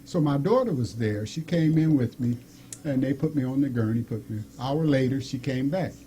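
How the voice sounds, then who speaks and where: A middle-aged man casually telling a personal story, animated, acting out the people in it and laughing often. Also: medium pitch, moderate pace, slight background noise.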